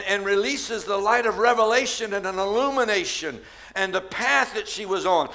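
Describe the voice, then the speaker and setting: A man preaching a Mother's Day sermon with an American accent, swinging from shouted cries to hushed storytelling. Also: sits high, normal speed. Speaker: pastor.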